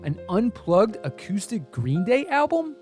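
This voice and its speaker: Male narrator, high and animated, scripted documentary read. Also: unhurried, faint music behind. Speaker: video essay narrator.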